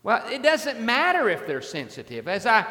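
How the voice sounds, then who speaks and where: A man's voice: high-pitched, wildly swooping pitch, normal speed, bright, forceful tone, long reverb tail. A man preaching a sermon as a pastor, in a conversational way, often repeating his words and asking the congregation questions.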